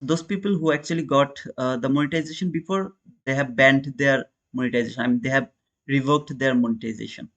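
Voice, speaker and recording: A man's voice: medium pitch, fairly quick, a bit bright, highs cut off. A man with an Indian accent chatting casually with viewers while he hosts a live trading stream, calling them brother and answering chat. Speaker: day trader and live-stream host.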